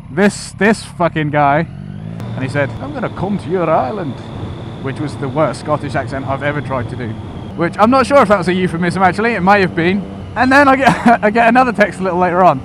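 Man, motovlogger, casual crude banter, frequent chuckles, slightly high voice, heavy wind and road noise. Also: a bit bright. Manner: crude, joking, chuckles often. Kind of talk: casual rambling vlog commentary. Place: riding a motorcycle on the road.

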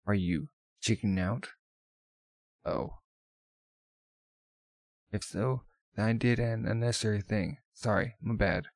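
A man voicing a proud, cunning Valkyrie elder sister who speaks calmly and mockingly in a manga read-aloud. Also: on the low side, unhurried, pauses often, no echo.

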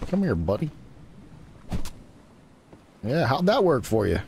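A man's voice: medium pitch, big pitch swings, slow, gravelly, darkish tone, slight background noise. A man giving casual live commentary as he plays a survival game, chatting along and teasing the creatures on screen. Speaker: gaming streamer.

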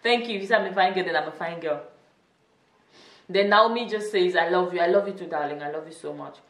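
A woman's voice: fairly low pitch, fast talker, a bit bright, recorded from a distance. Chatty young woman vlogging in echoey room. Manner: chatty, laughs often, teasing. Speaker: YouTuber. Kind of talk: casual vlog chat.

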